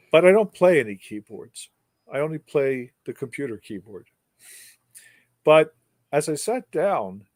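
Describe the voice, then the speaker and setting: An older man speaks as a guest, spinning a long anecdote with wry humor and emphatic repeated words. His voice sits at a middle pitch and is recorded dry and close. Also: no room sound. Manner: wry, animated storyteller with emphatic repetition. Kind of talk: storytelling in an interview.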